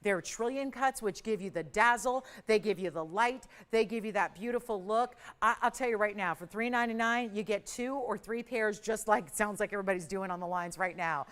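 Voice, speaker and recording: A middle-aged woman hosting a live TV jewelry sale, pitching in an upbeat, persuasive and urgent way. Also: brisk, hardly any pauses, a bit bright, clean tone. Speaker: shopping channel host. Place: TV studio.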